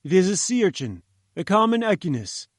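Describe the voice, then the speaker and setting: A man's voice: high-pitched, sing-song, brisk, no room sound, studio quality, pitched above the performer's own voice. A man doing a pompous old professor. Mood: lecturing. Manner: condescending, lecturing. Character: pompous, patronizing older male professor. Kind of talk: audiobook reading.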